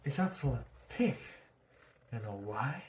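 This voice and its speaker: A man's voice: mid-range voice, expressive, measured pace, noisy background. A man reviewing a show in a casual vlog, talking through a mask, rambling and swearing freely.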